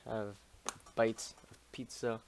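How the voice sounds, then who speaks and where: A man's voice: fairly low pitch, little pitch movement, slow pace, slight background noise. Swearing man casually summarizing history. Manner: constant swearing, jokey, mumbling asides. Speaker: streamer summarizing a history chapter.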